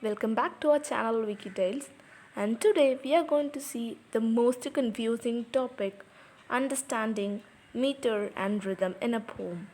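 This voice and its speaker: A woman's voice: fairly high pitch, normal speed, darkish tone. A woman teaching a lesson on poetry, explaining patiently and repeating example words aloud, in English with non-native grammar.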